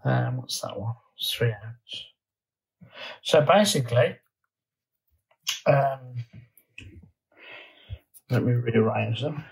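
A man talking at a slow, unhurried pace, with an ordinary mid-pitched voice. He chats casually to camera as a garden vlogger, thinking aloud and trailing off with fillers and restarts. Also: gravelly, low-quality recording. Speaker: allotment vlogger.

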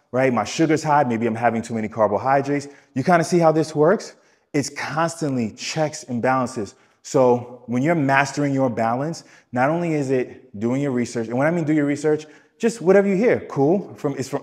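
A man coaching listeners on wellness in a podcast, with a voice of middle pitch. He talks emphatically, repeats his main points and addresses the listener directly. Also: darkish tone. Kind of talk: podcast teaching talk.

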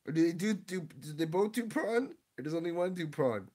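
A man's voice: sits high, expressive, moderate pace, hardly any pauses, slightly rough. A young man live-streaming, reading his chat and opening card packs, confused and laughing, often repeating himself.

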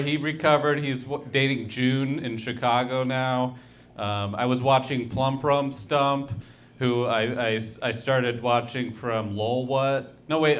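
A man doing a stand-up set with a halting, rambling delivery, trailing off and restarting his jokes. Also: medium pitch, a bit bright. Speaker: stand-up comedian.

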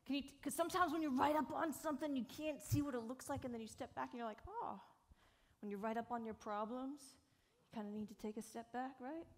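Speaking fast in a high-pitched voice, a woman in her 40s from South Carolina, USA, delivers a live keynote to an audience on an event stage while speed painting. She's lively, jokey and frank, swearing casually as she goes.

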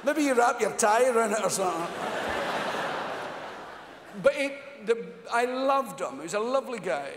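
Scottish man, Glaswegian accent, animated profane stand-up storyteller, high pitch, live theatre reverb. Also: normal speed, pauses often, background noise. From Scotland. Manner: profane, animated, puts on voices of friends. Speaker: stand-up comedian. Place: large theatre on stage. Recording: echoey live theatre recording. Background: audience laughter.

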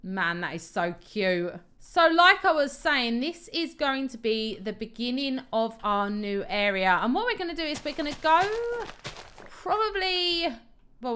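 A young woman gushes and giggles her way through casual game commentary. Her voice sits high and swoops all over the place as she chats away. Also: pushed and bright, a little hiss or hum. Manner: bubbly, gushing, giggly. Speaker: Minecraft let's player.

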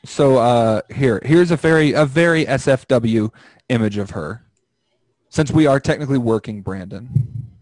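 A man's voice: mid-range voice, normal speed, a little mellow, no echo. A young man hosting a casual podcast over an online call, rambling and joking crudely. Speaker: podcast host.

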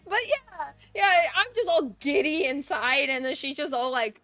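A woman streamer chatting casually and excitably on a live stream, swearing now and then. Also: high-pitched, unhurried. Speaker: livestreamer.

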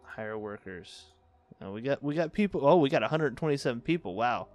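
A man's voice: medium pitch, animated, a little fast, a little mellow. A young man giving casual, wry running commentary on a city-building game he is playing, with dry sarcastic asides. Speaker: let's play host.

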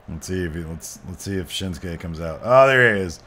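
A man hosting a gaming channel, giving excited play-by-play over a wrestling game with loud exclamations and quiet mutters. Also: low voice, normal speed, few pauses.

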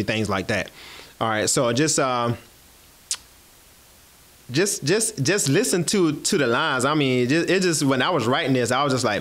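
A man from South Carolina, chatting casually to his audience and then performing a spoken word poem. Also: medium pitch. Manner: animated, chatty, addresses audience as y'all. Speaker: host.

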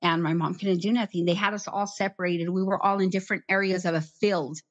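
Middle-aged woman guest, low voice, plain halting retelling, slightly muffled recording. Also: fairly even intonation. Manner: plain, halting, repeats herself. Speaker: interview guest, survivor. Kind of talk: recounting a personal ordeal.

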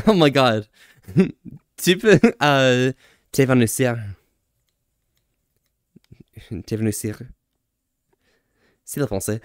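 A man's voice: mid-range voice, animated, slow, long pauses, smooth, dry recording, studio quality. A man streaming casually, answering chat, laughing often and trying out phrases in other languages with self-deprecating humor.

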